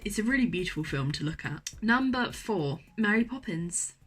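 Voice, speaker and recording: A young adult woman vlogger chats casually to camera from her university bedroom, gushing with enthusiasm and often repeating herself. Her medium-pitched voice is animated and slightly rough, at a moderate pace. Soft music plays in the background.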